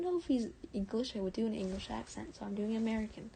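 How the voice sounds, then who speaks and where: With a fairly high-pitched voice, a quick pace, and few pauses, a female streamer reads fan fiction aloud live. She's frequently soft and breathy, stumbles and fixes her mistakes, and chats with her audience between readings.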